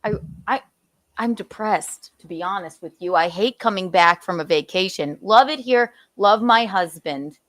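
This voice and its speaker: A woman's voice: mid-range voice, moderate pace, a bit bright. A woman co-hosting a podcast, chatting casually with swearing and asides. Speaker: podcast co-host.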